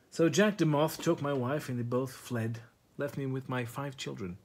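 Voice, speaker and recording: A man's voice: mid-range voice, normal speed, few pauses, darkish tone, a little hiss or hum. A man who does stand-up, telling a rambling, profane, absurd story straight to camera. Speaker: comedian vlogger. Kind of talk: rambling comic monologue to camera.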